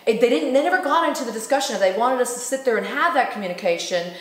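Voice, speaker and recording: A woman host talks in a loose, animated way, often laughing and slipping into others' voices as she retells a story. Her voice sits fairly high. The room around her rings with echo. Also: quick pace. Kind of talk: casual spiritual talk.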